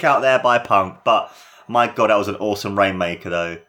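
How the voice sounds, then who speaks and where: A man with a lowish voice at normal speed gives casual, excitable play-by-play of a wrestling match. His voice jumps up at the big moves, and he swears now and then.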